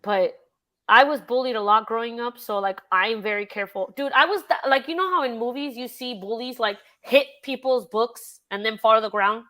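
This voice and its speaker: A woman's voice: a little high, moderate pace, pushed and bright. A woman hosting a casual true-crime livestream, chatting with a guest, reading out chat and swearing freely. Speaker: livestream host.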